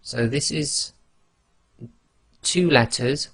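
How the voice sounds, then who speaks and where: Slow, gravelly-voiced male tajweed teacher. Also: medium pitch, steady tone, fairly bright tone, no echo. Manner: patient, demonstrates each letter sound slowly. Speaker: Quran recitation teacher. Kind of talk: slow instructional explanation.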